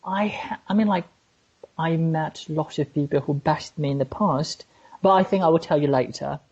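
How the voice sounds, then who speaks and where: A woman's voice: sits low, normal speed, darkish tone, slightly rough. A woman speaking with a contemporary British RP accent, co-hosting a casual podcast conversation in an earnest way and searching for her words. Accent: contemporary British RP, learned. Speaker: co-host. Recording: slightly muffled, lo-fi.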